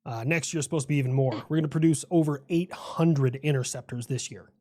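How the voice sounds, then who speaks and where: A man's voice: mid-range voice, quick pace, darkish tone, dry recording, studio quality, natural voice. A man voicing a boastful personified America. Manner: boastful, explains at length. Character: proud personified United States, male, lecturing. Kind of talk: comedic animated skit dialogue.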